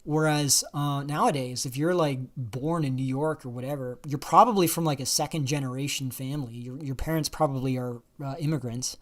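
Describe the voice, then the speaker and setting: A man's voice: medium pitch, a little fast, hardly any pauses. A man hosting a livestream, talking casually at length and answering viewer questions, with lots of fillers and restarts. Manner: rambling, many fillers and restarts. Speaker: livestream host.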